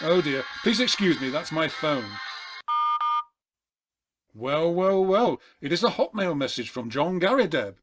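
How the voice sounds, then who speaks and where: A man voicing an eccentric, excitable collector in a comedy audio play, with a polite, formal manner. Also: fairly high pitch, a little slow, long pauses, soft background music. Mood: prim.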